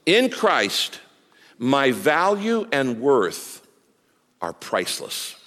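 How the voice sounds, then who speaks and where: A man preaching a sermon as a pastor, emphatic and animated, with big rises and drops in his delivery. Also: medium pitch, extremely slow, in a large hall.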